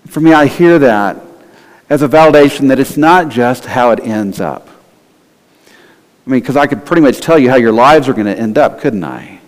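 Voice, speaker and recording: Male pastor, conversational sermon, lively delivery, medium pitch, long church reverb. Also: normal speed. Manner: conversational, lively, acts out quoted voices.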